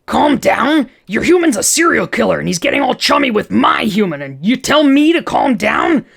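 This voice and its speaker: Reader doing a tiny angry skeleton guy, snappy and shouty, protective, fan story read aloud. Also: mid-range voice, expressive, slow pace, creaky, slightly rough, exaggerated voice. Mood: enraged. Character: small hot-tempered male skeleton creature, protective.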